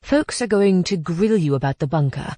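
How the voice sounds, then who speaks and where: A woman's voice: fairly low pitch, animated, moderate pace, mellow, dry recording. A woman narrator voicing an easygoing older man with a cane in an audiobook.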